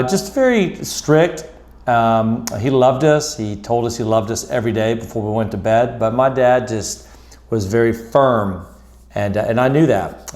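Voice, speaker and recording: A middle-aged man with a lowish voice tells a personal story straight to camera. He speaks earnestly and reflectively, slowing down with deliberate pauses. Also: darkish tone. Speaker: motivational speaker.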